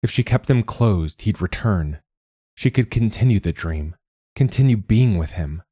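A man narrating a novel in a measured, unhurried storytelling manner. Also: on the low side, expressive, warm tone, no echo, studio quality. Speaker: audiobook narrator. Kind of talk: scripted narration.

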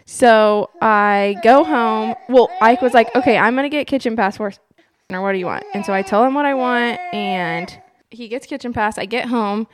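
A young woman co-hosting a casual chat, animated and laughing often as she tells a story. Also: a little high, moderate pace, crowd noise. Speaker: podcast co-host.

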